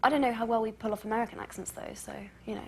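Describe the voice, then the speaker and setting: A young English woman chatting as a talk-show guest, telling stories quickly with giggles and fillers. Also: on the high side, fairly even intonation, vocal fry, darkish tone, slight background noise. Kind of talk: casual talk-show chat.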